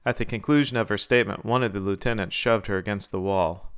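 A man narrating a story in a steady, even reading. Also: fairly low pitch, quick pace, clear, resonant tone.

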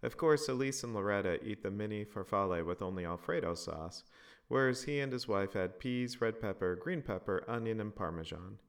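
A man reads a family story aloud in an expressive narrating style. His voice is very low, and his pitch moves with lively inflection. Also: normal speed.

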